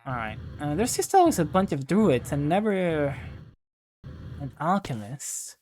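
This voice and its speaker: Very animated yet unhurried, a young adult gaming host with a darkish mid-range voice wanders through casual commentary at a desk mic. The talk is self-deprecating and packed with "like," over slight background noise.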